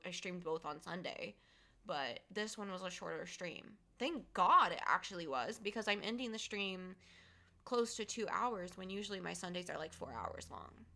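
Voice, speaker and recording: A woman's voice: medium pitch, sharp tone. A young woman streamer chatting casually to her viewers, rambling with lots of fillers and giggles, emotional after finishing a game. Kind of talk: casual live-stream chat.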